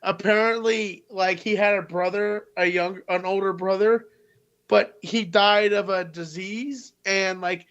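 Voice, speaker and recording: A man chatting casually on a podcast, relaxed and meandering with some hesitations. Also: high voice, unhurried, clean tone, highs cut off. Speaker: podcast co-host. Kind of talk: casual chat.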